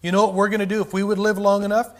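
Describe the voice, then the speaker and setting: A man's voice: high voice, flat delivery, rapid-fire. A man preaching a sermon with fervor, often rising and then dropping his volume. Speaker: pastor.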